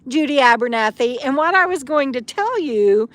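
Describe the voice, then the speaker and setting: A woman chatting casually on a live stream, reading viewer comments aloud with many pauses and fillers, outdoors at a camp. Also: high voice, lively intonation, fairly bright tone, no echo. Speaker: vlogger answering live chat.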